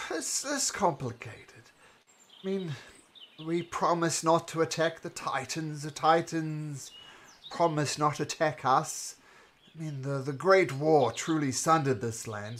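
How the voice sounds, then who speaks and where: Man doing a self-proclaimed god-king, tipsy and stammering, slow, bright-toned. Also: a little high, animated, slight background noise. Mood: earnest. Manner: grandiose, rambling, stammering. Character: boastful tipsy old king who claims godhood.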